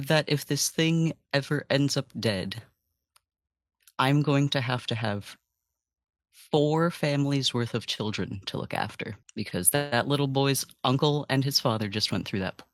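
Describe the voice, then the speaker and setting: A man playing a tabletop game, speaking in character in a calm, measured way. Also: mid-range voice, dry recording. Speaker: player.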